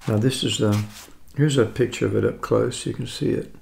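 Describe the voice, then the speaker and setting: An American man in his seventies rambles casually while tasting food on camera for his vlog, chatting and correcting himself. His mid-range voice is steady, gravelly, and a little mellow at normal speed, with slight background noise.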